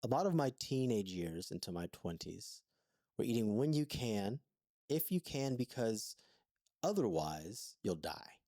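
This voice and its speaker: A man's voice: on the low side, sing-song, a little slow, warm tone, no room sound, clean studio sound. A man co-hosting a podcast, telling his story in an earnest, thoughtful way in an intimate conversation. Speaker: podcast co-host.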